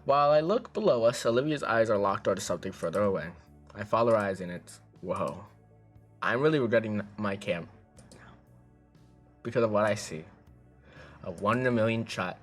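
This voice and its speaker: A man's voice: fairly low pitch, lively intonation, normal speed, long pauses, soft background music. A man streaming, reading a visual novel aloud in a casual way, tripping over words and joking between lines.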